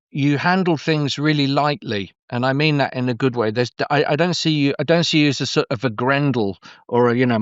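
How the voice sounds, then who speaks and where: A middle-aged man, a storyteller talking as a guest in a relaxed interview, meandering and effusive with many restarts. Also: mid-range voice, clean tone, no echo, highs cut off. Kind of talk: conversational interview.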